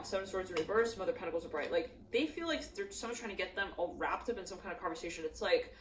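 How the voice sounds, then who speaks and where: A woman's voice: fairly low pitch, expressive, very fast, hardly any pauses, background noise. A woman giving a channeled tarot reading in a loose, rambling way, acting out quoted voices as she goes. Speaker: tarot reader. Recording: echoey room, mic at a distance.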